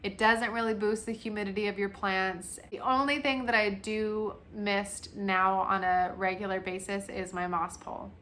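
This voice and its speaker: A young woman in her twenties talks casually to her camera, chatty and self-mocking, often breaking into a laugh. Her voice has a bright, forward tone. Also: medium pitch, fairly even intonation, normal speed, hardly any pauses, a little hiss or hum. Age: 20s. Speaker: plant vlogger.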